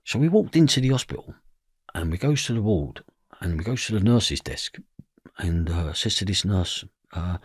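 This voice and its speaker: A man's voice: low-pitched, expressive, moderate pace, breathy edge, no room sound, clean studio sound. A man with a London accent, a guest telling a raw personal story in an interview, blunt and swearing freely. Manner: blunt, swears, acts out dialogue.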